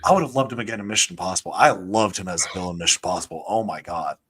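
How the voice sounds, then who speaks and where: A man co-hosting a film podcast in casual chat, gushing, quick to laugh and to apologize. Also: deep voice, fairly bright tone, breathy edge. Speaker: podcast co-host.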